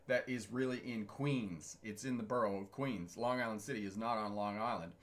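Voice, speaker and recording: A man's voice: lowish voice, normal speed. A middle-aged man and channel host telling trucking stories in a casual livestream, chatty and digressive, chuckling often and answering chat comments.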